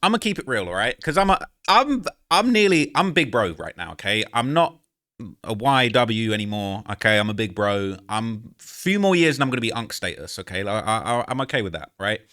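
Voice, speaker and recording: A man's voice: fairly low pitch, very animated, a little fast, pushed and bright. A man in his late twenties hosting a reaction video, talking slangy and chatty and checking in with the listener. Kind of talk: casual commentary.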